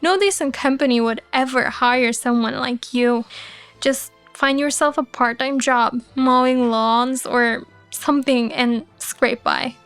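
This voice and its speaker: A scornful young man, read by a woman narrator taunts in a slow, drawling way in this storybook tale. The voice is light and high, with faint music underneath. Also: steady tone, a bit bright. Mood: mocking. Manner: mocking, scornful. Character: sneering young man, mocking rival job seeker.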